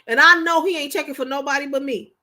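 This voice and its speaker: A woman's voice: sits high, fairly even intonation, quick pace, bright, forceful tone. A woman hosting a livestream, talking casually and emphatically, often repeating herself for effect. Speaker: livestream host.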